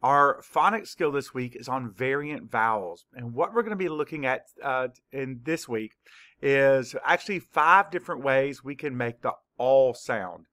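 A man teaching a spelling lesson to young children, dictating words slowly and clearly, sound by sound. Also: mid-range voice, animated, bright, forceful tone. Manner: slow, clear word-by-word dictation.

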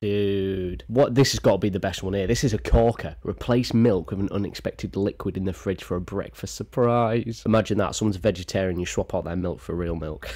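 A young man with a low voice rambles through casual reaction commentary. He is sarcastic and swears freely as he goes. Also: a little fast, hardly any pauses, darkish tone, faint music behind. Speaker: vlogger.

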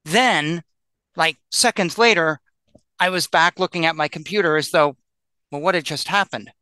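A man telling a personal story as a guest in a roundtable discussion, animated and peppered with "like", acting out what people said. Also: a little high, moderate pace, clean tone, dry recording. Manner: animated, acts out quoted voices, lots of "like".

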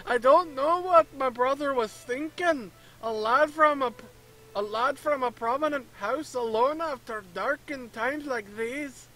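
A man reads game dialogue aloud as a scheming middle-aged merchant, using a mock Canadian accent and tacking "eh" onto lines in a hammy, conspiratorial way. It's a full character voice, very high-pitched and well above his own, bright and forceful yet unhurried. The recording quality is low.

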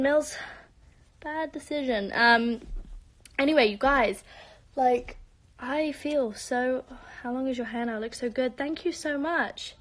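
A woman's voice: sits high, animated, measured pace, fairly bright tone. A young woman with a British accent chatting casually during a live-stream Q&A. She talks bubbly and chatty, often dropping to a whisper for asides, on a phone held at arm's length. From born in Spain, raised in London. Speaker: live-stream host answering fans.

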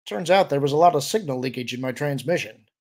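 A man's voice: medium pitch, expressive, quick pace, a little mellow. A man voicing a cocky, roguish male pilot in an audiobook reading, offhand and pleased with himself. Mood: smug.

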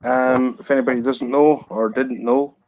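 A man's voice: mid-range voice, fairly even intonation, normal speed, darkish tone, a little hiss or hum. A Scottish man from Scotland chatting casually on a fishing livestream, joking and reading viewer comments aloud. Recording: muffled lo-fi stream audio.

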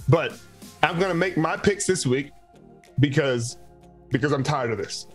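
A man's voice: on the high side, expressive, a little slow, faint music behind. A man in his thirties hosting a casual sports podcast, bantering with a playful, mock-exasperated manner. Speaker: podcast host.

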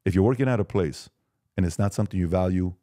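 A man in his forties, a podcast guest, talking emphatically and telling lively stories in casual conversation. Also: deep voice, fast talker.

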